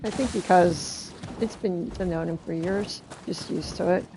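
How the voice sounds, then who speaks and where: A woman's voice: lowish voice, measured pace, background noise. A young woman streaming a game, chatting bluntly and casually with her viewers and swearing freely. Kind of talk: casual live-stream chat while gaming.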